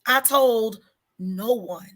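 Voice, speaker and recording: Woman singer sharing a heavy story in an interview, earnest, stretches words for emphasis, sharp bright tone. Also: on the high side, very slow. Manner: candid about hard personal struggles. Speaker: singer-songwriter guest.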